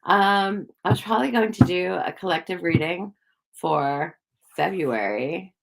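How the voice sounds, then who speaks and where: A woman's voice: lowish voice, a little slow, vocal fry, noisy background. A woman chatting casually with viewers on a livestream, rambling with lots of fillers and little giggles. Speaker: psychic livestreamer.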